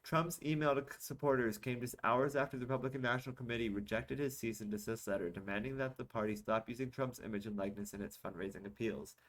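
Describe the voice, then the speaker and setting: A man's voice: medium pitch, fairly even intonation, fast talker, few pauses. Sarcastic man reading news aloud. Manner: sarcastic asides between read-out articles. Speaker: podcast host reading news. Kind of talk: casual news commentary.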